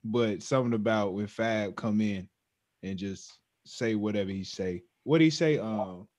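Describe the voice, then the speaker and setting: A man's voice: fairly low pitch, measured pace, a little mellow. A man co-hosting a podcast, talking in a loose, joking, slang-heavy way. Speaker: podcast co-host. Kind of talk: casual chat.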